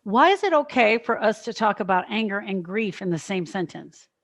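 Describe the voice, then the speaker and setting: In a relaxed podcast chat, a middle-aged grief specialist sharing co-hosting duties muses reflectively, thinking out loud. She has a mid-range, expressive voice and keeps a moderate pace.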